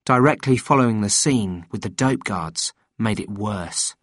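Slow, measured male storyteller. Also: fairly low pitch, a bit bright, no room sound, clean studio sound. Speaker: audiobook reader. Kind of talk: scripted narration.

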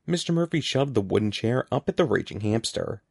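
A man reading a children's story aloud with a lively, rising and falling delivery. His voice carries a gravelly texture, and the recording is close and dry with no room sound. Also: medium pitch, fairly quick, no room sound. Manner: expressive, animated reading. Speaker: narrator. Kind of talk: audiobook reading.

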